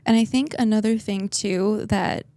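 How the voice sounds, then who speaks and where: A woman's voice: mid-range voice, normal speed, warm tone. A woman hosting a podcast who speaks in a supportive, casual way and often adds short "mm-hmm" replies. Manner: supportive, frequent "mm-hmm" backchannels. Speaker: podcast host. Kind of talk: casual interview chat.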